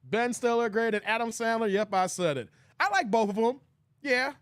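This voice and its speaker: A man's voice: very high-pitched, normal speed, dry recording, clean studio sound. A young man hosting a casual live stream, laughing and talking in loose slang with his chat. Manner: laughing hard, animated, slangy.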